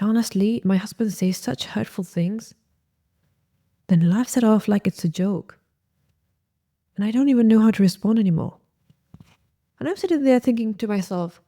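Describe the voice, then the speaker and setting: A woman host giving gentle, coaching marriage advice straight to her listeners. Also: medium pitch. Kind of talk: advice talk to camera.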